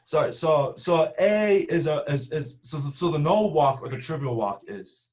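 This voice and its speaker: A man's voice: on the high side, animated, normal speed, a little mellow. A man giving a math seminar talk over a video call, explaining step by step and often checking in with "right?". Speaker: math speaker.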